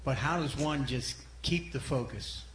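A man speaks slowly and earnestly, sharing something personal. His voice sits in the middle range, and it echoes in a roomy space with faint noise behind it. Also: mid-range voice, fairly bright tone.

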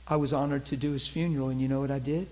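A man's voice: mid-range voice, fairly even intonation, rapid-fire, lo-fi sound. A man preaching a sermon, telling a story and acting out the people in it.

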